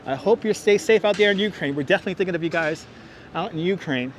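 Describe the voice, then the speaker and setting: A man with a high-pitched voice and quick pace livestreams a walk through busy city streets, narrating the tour and greeting viewers by name from the chat. He's wearing a wireless clip-on mic and filming on a gimbal-mounted phone, with faint street traffic audible.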